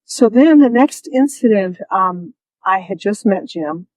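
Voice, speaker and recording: Animated woman telling a story. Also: mid-range voice, a little slow, dry recording, low-quality recording. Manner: animated, acts out quoted voices, laughs often. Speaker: interview guest. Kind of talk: storytelling in a conversational interview.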